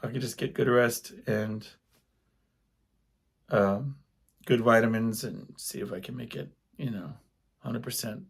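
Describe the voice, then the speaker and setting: Gravelly, husky-voiced man rambling casually. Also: mid-range voice, measured pace, pauses often. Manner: rambling, chatty storytelling. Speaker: podcast host and gigging singer-guitarist. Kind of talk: casual solo podcast monologue.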